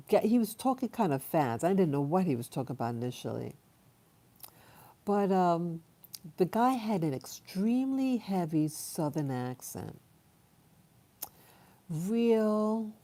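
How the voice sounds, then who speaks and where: A woman vlogger telling a personal story in a halting, rambling way with many fillers and restarts. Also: lowish voice, mellow.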